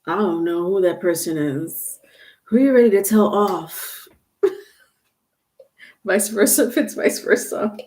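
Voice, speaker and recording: A woman's voice: medium pitch, unhurried, pauses often, mellow. A woman doing a live-stream tarot reading, chatty and loose, laughing often and trailing off with fillers and restarts. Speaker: tarot reader.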